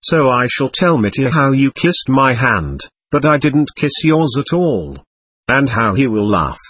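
A man voicing a sly, coquettish young woman who speaks in a soft, even, sugary drawl in an audiobook reading. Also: medium pitch, a little slow, breathy edge, no echo, heavily acted. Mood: mocking.

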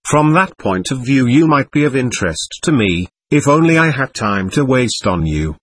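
Male narrator doing a tormented young man, husky, biting, pitch that swings widely. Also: big pitch swings, normal speed. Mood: scornful. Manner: agitated, contemptuous. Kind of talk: audiobook reading.

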